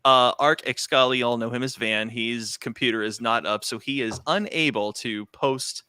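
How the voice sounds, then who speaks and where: A man hosting a casual livestream chat, rambling through shout-outs and channel plugs with loose fillers. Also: mid-range voice, normal speed, smooth, dry recording. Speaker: host.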